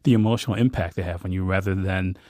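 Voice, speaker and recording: A man interviewing a film director, asking long, halting questions. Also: low voice, dark tone, no room sound, studio quality. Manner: halting, rambling questions with restarts.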